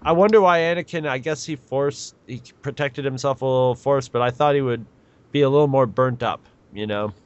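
A man co-hosting a podcast, talking in a rambling, halting way with many restarts. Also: medium pitch, clean tone, dull audio. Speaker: podcast co-host. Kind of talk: casual chat.

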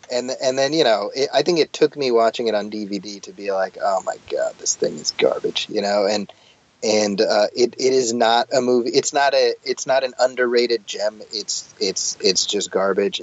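A man's voice: on the low side, normal speed, no echo. Talkative middle-aged man, dry dull sound. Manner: talkative, animated, frequent restarts. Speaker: podcast guest. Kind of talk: casual chat about movies.

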